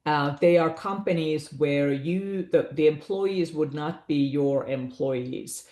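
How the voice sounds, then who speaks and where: A woman's voice: deep voice, slow pace, dark tone, echoey room. A woman presenting a business valuation webinar, explaining figures in a conversational way with asides to her audience.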